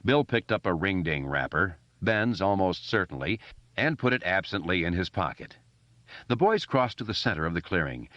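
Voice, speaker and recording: Brief: very low male narrator, lively swinging delivery, dry and a bit muffled. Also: dry recording. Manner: expressive reading with character voices. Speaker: audiobook narrator. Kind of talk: scripted narration.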